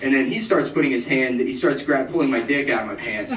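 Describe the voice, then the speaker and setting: A man in his thirties telling a self-mocking, deadpan stand-up story, acting out other people's voices. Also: medium pitch, fairly quick, far from the mic. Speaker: stand-up comedian. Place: live music club stage. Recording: roomy crowd bootleg from afar, noisy. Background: audience laughter.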